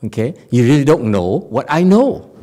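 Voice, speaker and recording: A woman's voice: extremely low pitch, moderate pace. A woman giving a Buddhist dharma talk, laughing often and checking in with her listeners. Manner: animated, laughing, asks audience often. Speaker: Buddhist teacher. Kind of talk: dharma talk on Chan stories.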